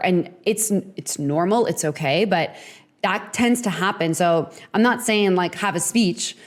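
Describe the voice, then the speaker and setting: A woman's voice: on the low side, unhurried. Chatty woman hosting an advice podcast. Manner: chatty, frequent "like" and "you know". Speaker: podcast host.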